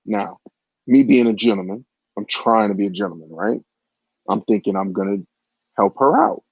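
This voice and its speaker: A man's voice: fairly low pitch, normal speed, gravelly, darkish tone, slightly rough, dry recording. A man in his forties telling a raunchy personal story in a crude, rambling way, with frequent asides to the listener. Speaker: vlogger. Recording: dull, lo-fi, dry audio.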